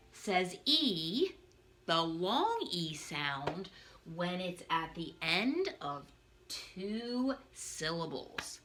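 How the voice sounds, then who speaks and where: A woman teacher giving a phonics lesson for young children from her living room, in an animated, sing-song way with playful asides. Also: fairly low pitch, background noise. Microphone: camera on a stand.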